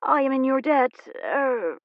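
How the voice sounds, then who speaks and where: A woman's voice: high-pitched, animated, measured pace, no room sound, dull audio, pitched above the performer's own voice. Woman playing a coy, swooning young debutante. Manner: breathy, dramatic, coy.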